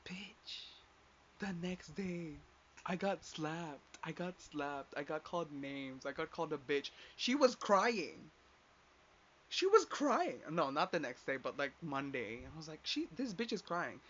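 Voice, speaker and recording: This podcast host is a young man with a fairly high, fairly bright voice talking at normal speed. He rants casually about something that happened to him, rambling, leaning on filler words and cursing as he repeats what others said, all over dull lo-fi audio with a little background noise.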